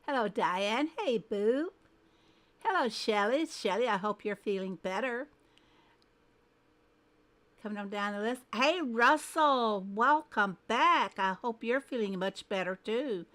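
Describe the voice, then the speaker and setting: Woman streamer, casual chat, slow and unhurried, greets chat by name, mid-pitched voice. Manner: greets viewers one by one, chatty and friendly; thinks aloud while fiddling with settings. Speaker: game livestreamer.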